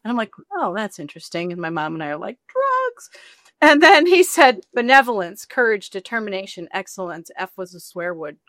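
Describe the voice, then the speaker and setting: A woman's voice: medium pitch, brisk, hardly any pauses, no room sound, clean studio sound. A woman author being interviewed, telling a personal story in casual chat and acting out the people she quotes. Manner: animated, acts out quoted voices, rambling.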